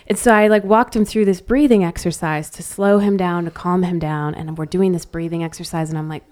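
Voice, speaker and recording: A woman with a fairly low voice shares a personal story in a casual chat. She tells it candidly and with animation, in a lively, conversational way. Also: brisk, hardly any pauses.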